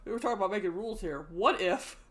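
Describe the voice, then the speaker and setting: A man's voice: sits high, fast talker, fairly bright tone. A man co-hosting a casual podcast chat, rambling through hypothetical questions with lots of stammered restarts. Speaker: podcast co-host.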